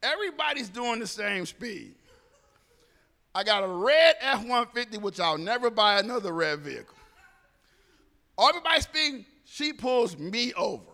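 A man speaking to a group, telling a personal story in an animated way and acting out the dialogue. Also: sits high, normal speed, long reverb tail.

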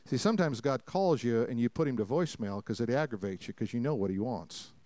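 A pastor preaching a sermon to a congregation, telling stories with jokes and acted-out voices, swinging between loud preaching and quiet asides. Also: male voice, medium pitch, expressive, brisk, dry recording. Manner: folksy, jokey storytelling with acted-out quotes. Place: church sanctuary before a congregation.

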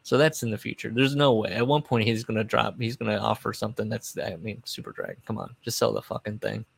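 Solo male podcast host, gravelly mid-pitched voice, dry close sound, digressive and loose. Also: animated, fast, dry recording. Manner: rambling and digressive, trails off and restarts; chuckles at his own asides. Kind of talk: casual solo podcast chat.

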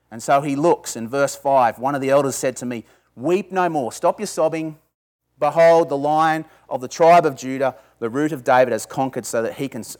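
A man preaching a sermon to a small group, talking conversationally, asking his listeners questions and building to emphatic bursts. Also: medium pitch. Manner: asks the audience questions. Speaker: pastor.

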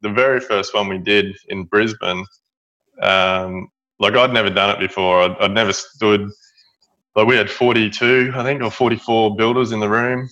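Australian man, middle-aged, pitched low, talks in halting restarts, muffled lo-fi recording. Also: steady tone, sharp tone. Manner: halting, many fillers and restarts. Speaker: guest, building business owner. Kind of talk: storytelling interview. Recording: dull lo-fi audio.

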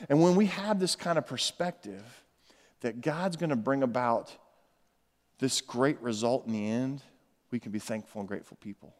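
A pastor preaching a sermon, earnest and animated, with phrases repeated for emphasis. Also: male voice, a little high. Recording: echoey hall with long reverb.

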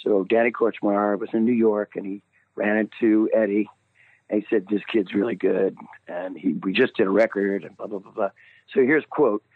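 A man, a singer being interviewed, telling an animated story and laughing at himself. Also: on the low side, normal speed, no room sound. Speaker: guest singer. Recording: tinny phone line.

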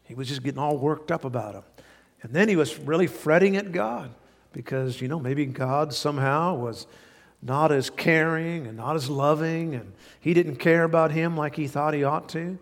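Gravelly man preaching in a reverberant hall. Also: fairly high pitch, moderate pace. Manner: earnest, repetitive emphasis with folksy anecdotes. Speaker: pastor. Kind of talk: sermon. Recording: long reverb of a large hall.

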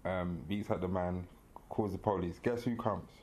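A man's voice: low voice, fairly even intonation, moderate pace, a little mellow, a little hiss or hum. A man co-hosting a podcast, animatedly retelling a story in casual chat, full of slang and laughter. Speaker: podcast co-host.

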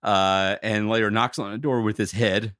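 A man's voice: fairly low pitch, steady tone, moderate pace, fairly bright tone, dry recording, studio quality. A man co-hosting a casual podcast, recapping a cartoon episode in a rambling way with lots of fillers. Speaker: podcast co-host.

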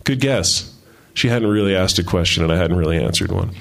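Low-voiced man reading fiction aloud. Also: a little fast, gravelly.

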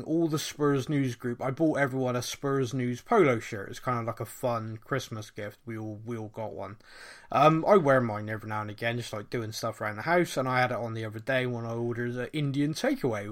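Jokey man hosting a podcast. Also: medium pitch. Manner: jokey, self-mocking, laughs often. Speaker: podcast host. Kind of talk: casual chat.

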